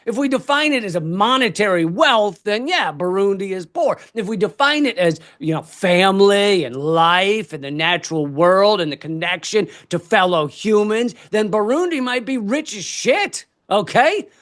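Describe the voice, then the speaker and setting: A man doing a stand-up comedy set on a convention stage, ranting in an exasperated, profane way and bursting into shouts. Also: high voice, lively intonation, moderate pace, few pauses.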